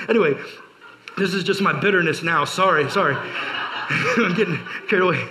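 Bright chatty youth pastor, man. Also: sits high, lively intonation, brisk, low-quality recording. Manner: chatty storytelling with many fillers, joking asides. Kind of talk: casual youth sermon.

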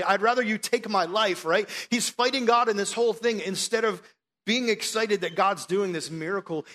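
A man preaching a sermon with animated storytelling, acting out the voices in the story. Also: on the high side.

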